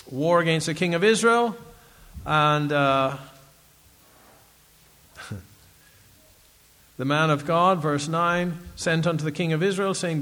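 A man delivers a sermon with a bright, slightly high voice, reading scripture and breaking into small chuckles. He keeps it animated and conversational with his listeners. The sound carries a long reverb, as in a large hall. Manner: animated, laughing asides, reads scripture aloud. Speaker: preacher.

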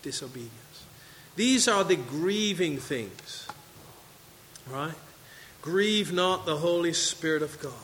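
Bright-voiced preacher in a reverberant hall. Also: male voice, fairly high pitch, animated, takes it slowly, slight background noise. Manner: expository preaching, quoting scripture, asking the congregation questions. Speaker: pastor. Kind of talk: sermon. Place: church sanctuary.

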